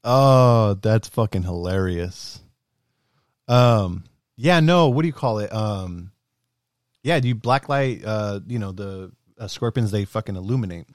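Low-voiced man, profane casual chat. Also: a little slow, no echo, studio quality. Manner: loose, profane, laughing storyteller.

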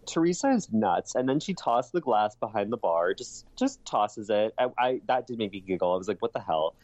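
A man's voice: lowish voice, animated, normal speed, darkish tone, no room sound, muffled recording. A man co-hosting a podcast, chatting casually and emphatically, swearing freely and restarting often. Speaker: podcast co-host. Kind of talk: casual recap chat.

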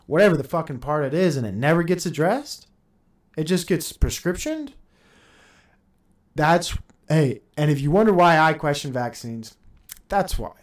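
Man, thirties, solo podcast rant: heated, profane, sarcastic, lively pitch, laughs between points. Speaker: podcast host. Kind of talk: ranting solo podcast monologue.

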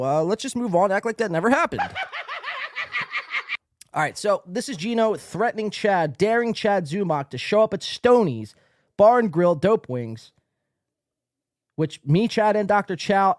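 A male podcast host rambles through a live stream in a casual, profane way, reading chat messages aloud. His voice sits a little high and swings widely in pitch. The sound is dry and close. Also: sing-song, moderate pace, dry recording.

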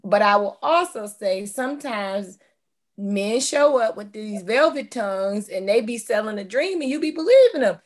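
A woman's voice: mid-range voice, lively intonation, moderate pace. A woman co-hosting a casual chat, teasing the others and making her points with emphasis. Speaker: podcast co-host.

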